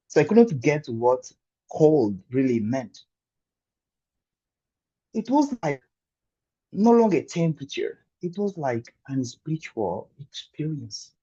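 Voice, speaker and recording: A man in his thirties from Angola, giving a prepared humorous speech as an animated storyteller with dramatic pauses. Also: fairly high pitch, slightly rough, highs cut off. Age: 30s. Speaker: club speaker.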